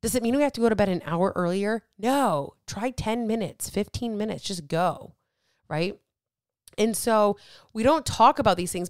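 Blunt, swearing woman coach, crisp and dry. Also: medium pitch, no echo. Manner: blunt and emphatic, swears freely; motivational, addresses listeners directly. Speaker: weight loss coach and podcast host. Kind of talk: casual podcast monologue.

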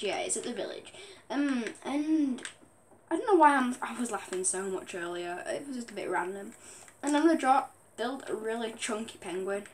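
Young woman, slightly high voice, headset mic; rambling, giggly game commentator with faint keyboard clicks behind. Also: a little hiss or hum. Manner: giggly, rambling, keeps apologizing for laughing. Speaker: gaming vlogger. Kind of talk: casual gameplay commentary.

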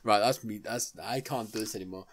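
A man's voice: on the low side, brisk. A young man giving let's play commentary on a horror game, nervous and jumpy, pleading aloud with the game's characters. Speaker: gaming YouTuber.

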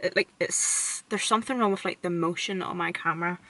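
A woman's voice: fairly low pitch, a little fast, sharp tone, low-quality recording. Chatty Northern Irish woman vlogger. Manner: chatty, rambling, fills talk with "like". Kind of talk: casual chat to camera. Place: parked car at night. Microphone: camera in car.

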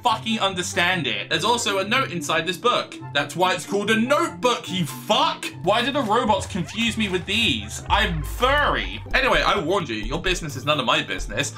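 Gamer guy on stream, super bright voice, jokey and sweary, chats back at everyone in the game. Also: fairly high pitch. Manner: playful, sweary, joking banter with game characters. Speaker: gaming streamer. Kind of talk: let's play commentary. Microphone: desk mic for streaming.

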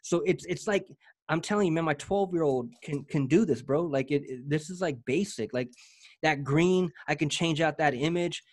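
An energetic man with a slightly raised pitch, talking through a software demo in loose, slangy chat. He stumbles and repeats words as he gets excited, keeping it casual and hyped. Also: moderate pace. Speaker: presenter demoing software.

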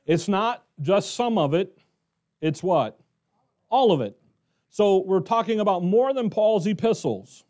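A middle-aged American pastor teaching verse by verse in a conversational way, often asking the congregation questions. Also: male voice, high voice, expressive, a little slow, darkish tone. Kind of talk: expository Bible teaching.

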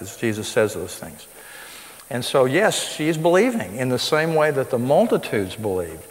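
A man's voice: medium pitch, sing-song, normal speed, slight background noise. A man preaching a sermon to a live audience, emphatic, with his voice rising sharply on the points he stresses. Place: school hall with live audience. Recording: long reverb of a large hall.

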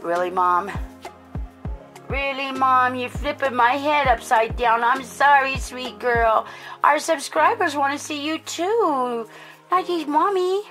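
A woman voicing a little baby girl doll who sweetly complains to her mom in a high, pleading voice. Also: slow pace, sharp tone, soft background music, full character voice. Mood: whiny.

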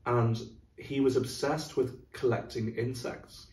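A man's voice: mid-range voice, fairly even intonation, takes it slowly, darkish tone, far from the mic. A middle-aged man, an orchestra's music director, explaining a program in a thoughtful, casual chat. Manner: thoughtful, explanatory, sings rhythms aloud. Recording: roomy, from off mic.

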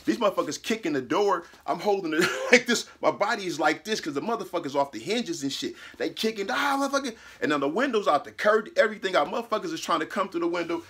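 A man casually telling a personal story, animated and profane, laughing mid-sentence and acting out what people said. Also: sits high, quick pace, few pauses, slightly rough.

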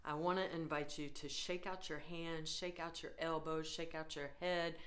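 Middle-aged lady teaching laughter yoga, bright clear tone, easygoing encouraging cues. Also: low-pitched, little pitch movement. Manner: encouraging, unhurried instructions. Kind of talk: guided laughter exercise.

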